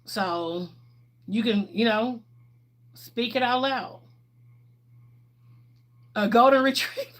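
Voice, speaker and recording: Chatty woman, slightly high voice. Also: slow pace, pauses often. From Texas, USA. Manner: chatty and candid, laughs often. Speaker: livestream host. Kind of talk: casual livestream chat answering viewers.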